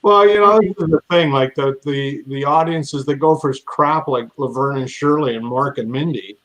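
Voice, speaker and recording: A man's voice: mid-range voice, moderate pace, a bit bright, poor audio. A man chatting casually as a guest, rambling and enthusiastic, repeating his phrases. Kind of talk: casual chat.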